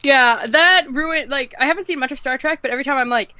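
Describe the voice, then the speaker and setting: A young woman with a high, bright voice talks casually and bluntly as co-host of a fan show. Her voice sits close and dry, with no room sound around it. She shares frank opinions in a relaxed, chatty way. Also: fairly quick, no echo. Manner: candid, blunt opinions with small laughs. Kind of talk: casual chat.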